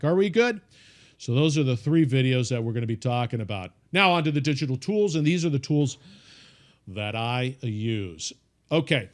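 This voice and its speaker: A man teaching an informal podcasting course, talking in a folksy, emphatic coaching way with frequent repeats and restarts. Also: a little high.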